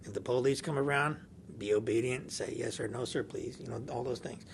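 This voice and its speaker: A man's voice: medium pitch, fairly quick, slight background noise. A man telling a personal story in casual chat, laughing often and acting out the dialogue of the people in it. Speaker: podcast guest.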